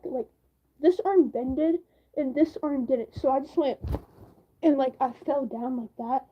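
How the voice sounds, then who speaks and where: Girl with a high voice rambling on her stream, lots of likes and ums, goes whiny quoting herself, kinda muffled lo-fi audio. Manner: rambling, filler-heavy, whiny when re-enacting complaints. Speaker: livestream host. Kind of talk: casual livestream storytelling.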